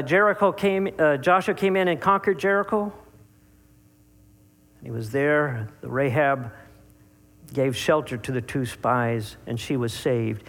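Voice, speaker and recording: A man preaching a sermon, speaking to his listeners directly and stressing key words by drawing them out, with sharp rises and drops. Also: on the high side. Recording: long hall reverb.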